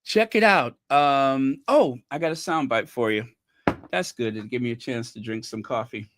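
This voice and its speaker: A man's voice: medium pitch, moderate pace, noisy background. An American man hosting his own channel, talking casually to viewers in a rambling, playful way with lots of fillers. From United States. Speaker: channel host.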